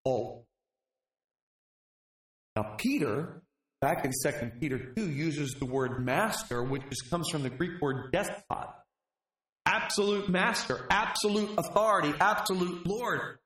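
High-voiced male preacher in an echoey room. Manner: animated storytelling, dramatic pauses. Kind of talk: sermon.

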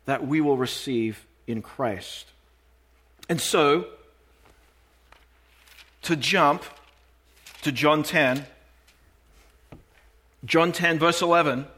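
A man preaches a sermon, reading scripture aloud in a measured, emphatic manner and slowing down on the key phrases. His voice is a little high, pushed, and bright.

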